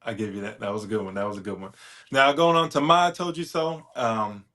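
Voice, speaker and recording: A man co-hosting a casual sports podcast, measured, putting questions to the others. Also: lowish voice, a bit bright. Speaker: podcast co-host.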